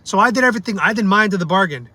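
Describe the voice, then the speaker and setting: Bright-voiced man ranting bluntly. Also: high-pitched, expressive, very fast, no echo. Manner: angry, blunt, swears often; repeats himself for emphasis. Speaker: vlogger. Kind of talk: ranting review vlog.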